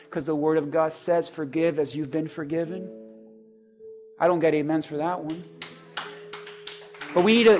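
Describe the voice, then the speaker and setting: A man preaching a sermon as pastor, animated and climbing to loud exclamations in acted asides. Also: high-pitched.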